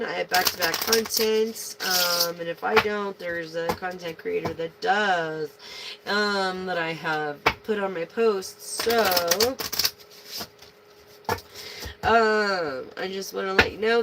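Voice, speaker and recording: Gravelly, unhurried woman reading tarot. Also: fairly low pitch, heavy background noise. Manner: slangy and profane, addresses the viewers as a collective. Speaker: tarot reader. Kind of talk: casual live tarot reading.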